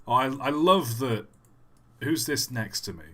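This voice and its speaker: A man's voice: mid-range voice, lively intonation, a little slow, fairly bright tone. A man answering chat questions on a casual live stream, rambling and self-deprecating, with many fillers.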